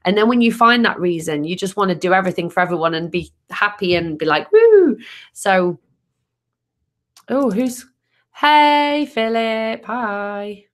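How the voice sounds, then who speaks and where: Woman hosting a relaxed live stream as a tarot reader: upbeat and chatty, reads comments aloud. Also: medium pitch, normal speed. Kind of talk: casual live stream chat.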